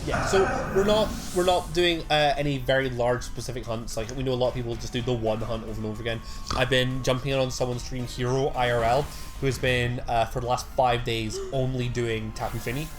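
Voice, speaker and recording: Give me a laughing, joking British woman on a game stream, with a very deep voice. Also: fairly even intonation, music in the background. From Britain. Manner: quick, laughing, sweary banter. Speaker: streamer co-host. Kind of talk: casual live-stream chat while gaming.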